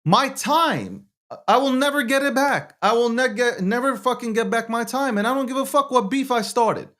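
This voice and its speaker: A man's voice: very high-pitched, moderate pace, fairly bright tone. A man hosting and producing a live show, talking in a heated, repetitive way with heavy swearing.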